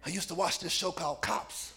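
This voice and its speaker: A man a sermon, shouting and half-singing his lines and calling on the congregation. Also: a little high, steady tone, fairly quick. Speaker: preacher.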